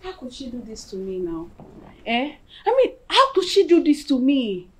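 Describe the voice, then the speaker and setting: A Nigerian actress playing a jealous young woman who feels betrayed, shouting accusations and slipping into Pidgin. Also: high-pitched, big pitch swings, normal speed, husky, exaggerated voice. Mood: furious. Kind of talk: film acting.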